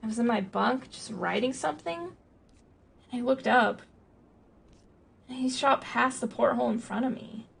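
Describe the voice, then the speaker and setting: A woman's voice: on the high side, moderate pace, creaky, long pauses, husky, heavily acted. A woman voicing a hostile, grieving young widow on a ship, with tearful, bitter outbursts. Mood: shaken.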